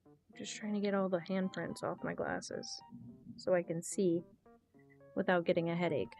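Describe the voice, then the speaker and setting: A woman's voice: on the low side, fairly even intonation, moderate pace, creaky, a little mellow. A young woman streaming a game, chatting in a candid, rambling way, thinking aloud and answering chat. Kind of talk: casual live-stream chat while gaming. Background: faint guitar music.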